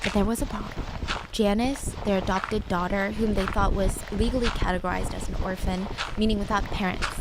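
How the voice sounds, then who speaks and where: A woman's voice: medium pitch, fairly even intonation, a little fast, very noisy. A woman narrating a true story in a casual, chatty way, with filler words and personal asides.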